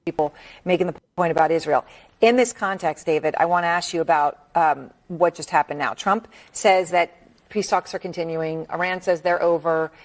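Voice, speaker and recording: A woman hosting a cable news panel, asking brisk, animated questions. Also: on the low side.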